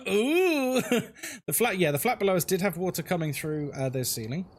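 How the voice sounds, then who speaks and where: A man's voice: a little high, lively intonation, fast, breathy edge. Chatty man live-streaming. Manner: chatty, greets viewers, laughs often. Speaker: horror game streamer. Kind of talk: casual live-stream chat.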